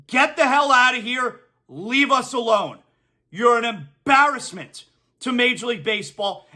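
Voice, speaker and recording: Hosting a sports talk show, a man with a very high-pitched, pushed, bright voice delivers an opinionated monologue. He rants emphatically and repeats his punchlines for effect.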